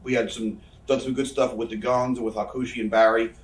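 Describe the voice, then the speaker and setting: A man's voice: mid-range voice, flat delivery, fairly quick, distant mic. A man, telling rambling, profane backstage stories in a casual interview. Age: 30s. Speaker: interview guest, wrestler. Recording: echoey room, off-mic.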